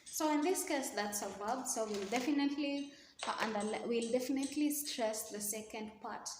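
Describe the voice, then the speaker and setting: Female teacher, fairly high voice, methodical revision lesson, roomy echo, faint hiss. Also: moderate pace. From Kenya. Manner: explains step by step, repeats key words. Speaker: English teacher. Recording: echoey room with faint noise.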